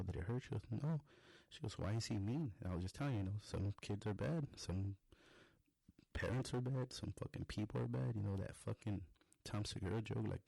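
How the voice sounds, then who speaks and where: A man's voice: lowish voice, vocal fry, warm tone, no echo. A young adult man on a podcast, telling a rambling, profane story in a casual monologue. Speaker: podcast host.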